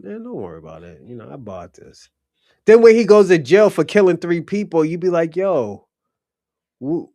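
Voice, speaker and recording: A young man hosts a casual livestream chat, his voice sitting a little high for a man. He talks bluntly and profanely, wandering from story to story. The sound is dry and close, with no room around it. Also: no room sound. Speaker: livestream host.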